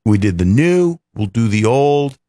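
A man's voice: mid-range voice, measured pace, dry recording, clean studio sound. A man hosting a rock radio show, chatting casually and joking with his co-host. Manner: lively, joking banter.

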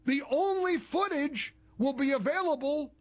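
A man's voice: very high-pitched, measured pace. A man hosting a talk radio show, delivering opinionated commentary in a heavily sarcastic, mocking manner.

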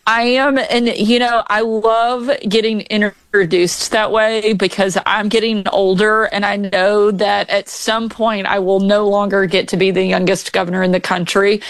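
A woman's voice: medium pitch, level tone, measured pace, hardly any pauses, clean tone, dry recording. A woman in her forties, a governor as an interview guest, telling family anecdotes casually. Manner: warm anecdotal storyteller, laughs often.

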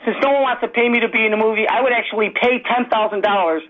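A man from Chicago with a Chicago accent calling in to a sports talk show, rambling fast and joking. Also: high-pitched. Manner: rapid-fire, rambling, jokey. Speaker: caller. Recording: dull lo-fi phone line.

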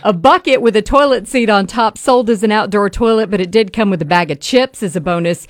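A woman radio host in casual on-air banter, telling a story with a comic, chatty delivery. Her voice sits at an ordinary middle pitch. The studio sound is close and dry, with no room around it. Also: brisk, no room sound.

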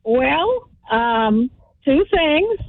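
A woman's voice: sits high, sing-song, extremely slow. Guyanese woman on a tinny phone line. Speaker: caller, host's cousin. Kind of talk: phone-in conversation.

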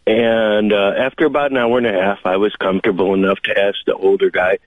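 A man's voice: fairly low pitch, steady tone, fairly quick, no echo. A man calling a radio talk show, telling a long story in a chatty way, with many fillers as he goes. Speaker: caller. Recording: tinny phone line.

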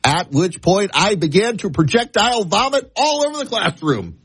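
A man hosting a talk show, speaking in a deliberate, emphatic way and repeating phrases to tell a story and give commentary. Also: sits high, sing-song, a bit bright, slightly rough, no room sound. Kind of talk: talk radio monologue.

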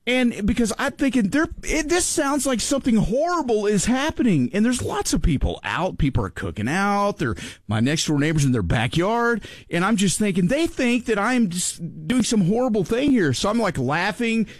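A man hosting a talk show, telling a story in an animated, excitable way and laughing often. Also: high voice, normal speed, hardly any pauses, no echo, clean studio sound. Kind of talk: casual storytelling chat.

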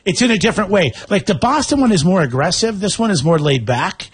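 A man with a General American accent and a very raspy, breathy voice, chatting casually as a co-host. He talks in an animated, rambling way, sharing opinions, and his voice sounds close and dry. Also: high-pitched, quick pace, no echo. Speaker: podcast co-host. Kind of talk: casual chat.

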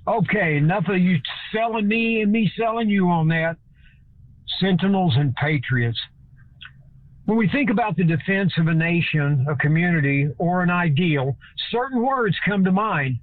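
A man's voice: sits high, dry recording, narrow, tinny audio. A man from Texas, giving a folksy, speech-like scripted talk as host. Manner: folksy speech-like delivery, shifts between slow and fast.

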